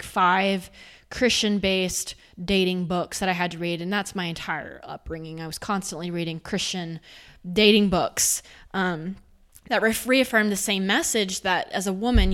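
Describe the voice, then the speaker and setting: A woman talks through her own experiences in a candid, reflective monologue. Her voice sits at an ordinary middle pitch, and she lets it swell and soften as she tells her story. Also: clean tone. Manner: candid, reflective, with expressive shifts in loudness. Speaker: speaker on faith and sexuality.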